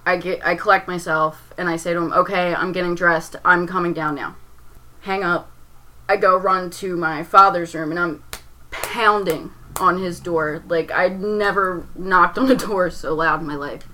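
A woman's voice: fairly low pitch, fairly even intonation, unhurried, bright, forceful tone, poor audio. A young woman tells a painful personal story in a rambling way, leaning on "like" and restarting her sentences. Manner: rambling, heavy use of "like", restarts under strain.

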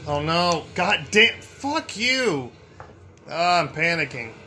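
A man giving profane, excitable let's play commentary, muttering to himself and yelling when he panics. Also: a little high, slow pace, over music. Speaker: gameplay streamer.

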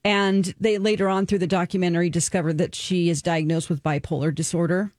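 A woman's voice: lowish voice, steady tone, brisk, darkish tone, no echo. A woman co-hosting a talk radio show, chatting earnestly and openly, talking about her own experience, recorded on a studio microphone. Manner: earnest, emotional and open, sharing personal experience. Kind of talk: casual talk-radio chat, reviewing a documentary.

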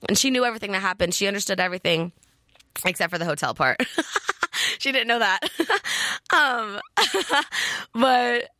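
Young woman, podcast host, casual storytelling, bright voice, dry close sound. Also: medium pitch, expressive, quick pace, no room sound. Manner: chatty, peppers speech with "like" and slang.

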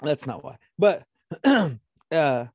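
A man's voice: fairly high pitch, sing-song, very slow, darkish tone, breathy edge, dry recording, clean studio sound. A man in casual chat who laughs along and asks questions to move the story on. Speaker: podcast co-host.

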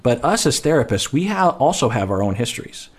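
A man who works as a therapist, explaining ideas in a measured way and correcting himself as he thinks aloud. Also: mid-range voice, big pitch swings, slightly rough. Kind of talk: explanatory podcast talk.

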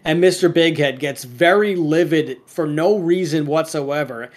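A man's voice: on the high side, a little slow. A man in casual podcast chat, rambling through a cartoon episode with lots of fillers and restarts.

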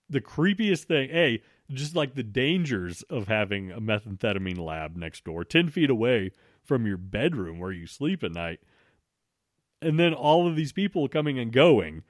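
A man's voice: medium pitch, no room sound, clean studio sound. A man casually telling a story, swearing freely and restarting his sentences as he goes. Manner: swears freely, frequent restarts, animated retelling.

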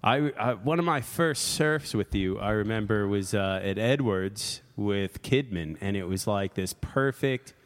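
A man's voice: on the low side, measured pace, few pauses, big-room sound. A man hosting a casual podcast chat, playful and jokey, laughing often. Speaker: podcast host. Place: studio in Brooklyn.

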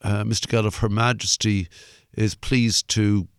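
A man's voice: fairly low pitch, little pitch movement, unhurried, clean tone, dry recording, studio quality. An older Irish man, a musician guest, telling a long anecdote in a rambling way, full of fillers and the odd swear word. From Ireland. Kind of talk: anecdotal interview storytelling.

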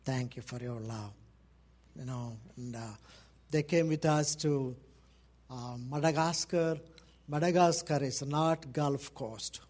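A man's voice: fairly high pitch, darkish tone. A middle-aged man from India with an Indian accent, a missionary pastor speaking fervently to a church congregation and repeating phrases for emphasis.

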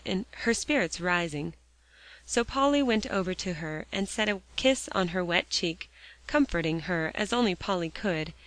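A woman narrating a classic children's storybook aloud in a steady, even reading voice. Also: lowish voice, no echo, rough recording. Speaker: audiobook reader.

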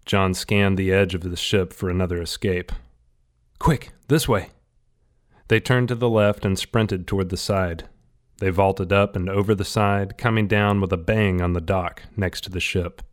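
A man reading a novel aloud in steady, scripted audiobook narration. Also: low voice, normal speed, clear, resonant tone.

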